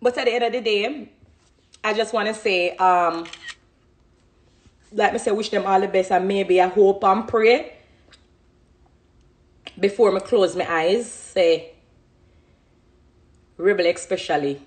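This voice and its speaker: A woman's voice: mid-range voice, a little slow, long pauses. A Jamaican woman in her thirties chatting casually on a phone live stream, reading out comments from viewers. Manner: chatty, reads out comments, animated.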